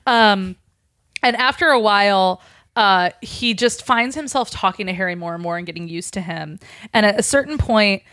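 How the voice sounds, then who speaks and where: A woman hosting a podcast, retelling a story in a rambling, casual chat full of fillers. Her pitch sits in a middle range. The sound is dry and close, with no room echo. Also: normal speed, a bit bright. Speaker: podcast host.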